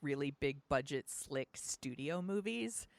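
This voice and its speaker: A woman's voice: sits low, expressive, a little slow, no room sound. A woman co-hosting a podcast, chatting casually about films in a gushing, filler-heavy way. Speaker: podcast co-host. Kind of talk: casual film chat.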